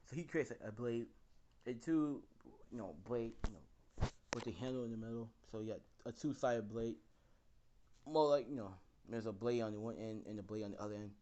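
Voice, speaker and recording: A man's voice: medium pitch, moderate pace, mellow, highs cut off. A young man casually improvising a fan story, rambling with lots of fillers and the odd swear.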